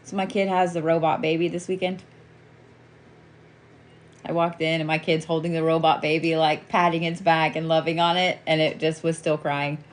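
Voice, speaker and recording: A woman with a fairly low voice gives a spiritual reading in a loose, chatty way. She swears freely and laughs often. She comforts her listener with easy endearments. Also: level tone, normal speed. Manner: reassuring, calls listener sweetie. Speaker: reiki and wax reader. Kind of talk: live reading chat.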